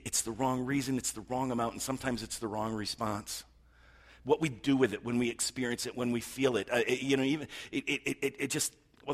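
Husky-voiced preacher in a big echoing hall. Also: male voice, mid-range voice. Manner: earnest, conversational, frequent stammering restarts. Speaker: pastor. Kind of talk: sermon.

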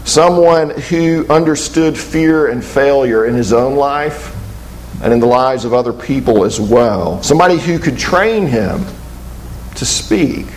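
A man's voice: mid-range voice, measured pace, a little mellow, a little hiss or hum, rough recording. A man as pastor, preaching a sermon in a conversational way, with rhetorical questions and quoted voices.

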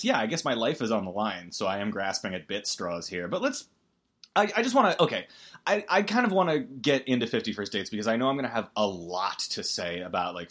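A man hosting a comedic solo podcast, talking in a rambling, self-deprecating way with many stammered restarts and sudden jumps in pitch. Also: fairly bright tone. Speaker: podcast host.

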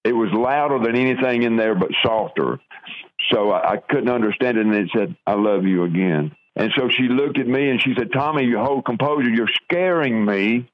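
An older man from the southern United States slowly and earnestly tells his life story in an interview, often stopping to restart. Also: on the low side. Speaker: guest sharing testimony. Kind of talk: personal testimony in an interview. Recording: dull lo-fi radio audio.

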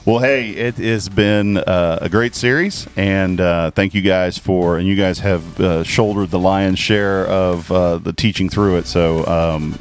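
Laid-back low-voiced podcast host. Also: male voice, faint music behind. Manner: relaxed, with many filler pauses. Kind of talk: casual podcast chat and sign-off.

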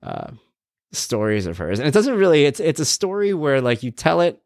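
Lively casual podcast host, a man. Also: moderate pace, no room sound, studio quality. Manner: storytelling, acts out voices with big pitch jumps. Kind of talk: casual chat.

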